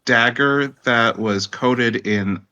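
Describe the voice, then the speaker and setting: Bright-voiced man playing a tabletop game. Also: mid-range voice, slow, dull audio. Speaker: player. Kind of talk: casual tabletop game talk.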